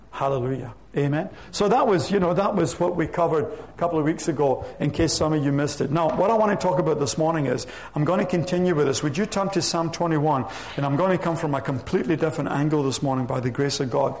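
A man preaching a sermon to his church, reading scripture aloud with slow, emphatic stress. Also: on the high side, darkish tone. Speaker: pastor. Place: church sanctuary.

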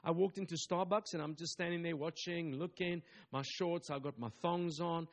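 Male pastor, fairly high voice, emphatic repetitive preaching style. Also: steady tone, normal speed. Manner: emphatic, repetitive preaching with call-and-response asides. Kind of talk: sermon.

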